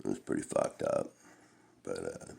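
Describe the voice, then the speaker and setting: A man's voice: moderate pace, a little mellow. A middle-aged man telling a long-winded, profane personal story in a laid-back, rambling way. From Canada.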